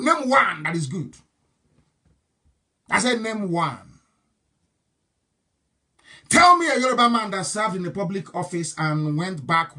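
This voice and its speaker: High, bright-voiced man, combative. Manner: combative, defiant, emphatic. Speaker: political broadcaster. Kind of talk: live online broadcast.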